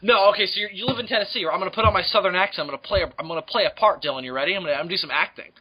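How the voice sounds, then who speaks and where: A young man co-hosting a podcast, loud and crude, laughing a lot as he jokes. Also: high voice, rapid-fire, husky, highs cut off. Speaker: podcast co-host. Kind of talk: crude comedy banter.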